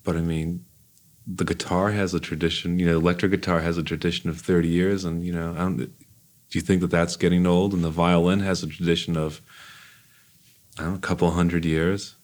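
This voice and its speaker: A man's voice: deep voice, level tone, a little fast, darkish tone. A man interviewing a musician, thinking aloud, repeating words and building toward a question. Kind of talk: conversational interview.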